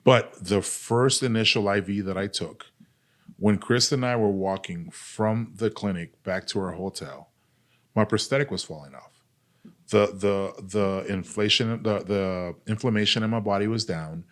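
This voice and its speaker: A man's voice: on the low side, measured pace. A man, an army veteran and podcast guest, telling his story in a casual, candid way, blunt and profane, full of "like" and "dude". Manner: earnest, speaks openly about pain and recovery.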